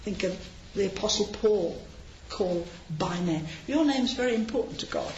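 A woman's voice: mid-range voice, lively intonation, moderate pace, background noise. A woman giving an informal sermon, chatty and anecdotal, with frequent asides, recorded in a large hall. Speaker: preacher. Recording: roomy, slightly dull hall recording.

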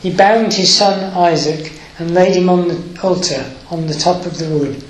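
Emotional preacher in an echoey room. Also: male voice, high voice. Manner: unhurried, emotional, with hesitant fillers. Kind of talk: sermon reading and explaining scripture.

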